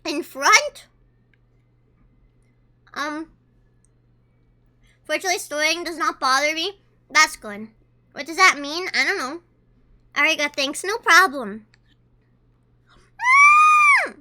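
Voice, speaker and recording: A woman's voice: high voice, animated, slow pace, pauses often, sharp tone, raised voice. A woman streamer chatting casually with her chat, reading messages aloud and talking while she eats. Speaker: livestreamer.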